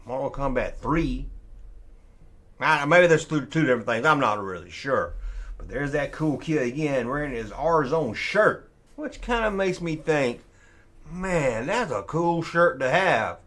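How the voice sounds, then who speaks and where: A man's voice: medium pitch, lively intonation, a little slow, fairly bright tone. A man hosting a casual review, talking with snarky grumbling and casual swearing. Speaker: host reviewing old toys. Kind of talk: casual sarcastic commentary.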